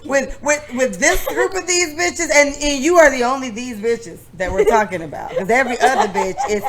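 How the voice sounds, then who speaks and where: A young adult woman co-hosting a podcast, telling a long story in casual chat, animated and profane, often laughing. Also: sits high, moderate pace, a crowd in the background. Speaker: podcast co-host.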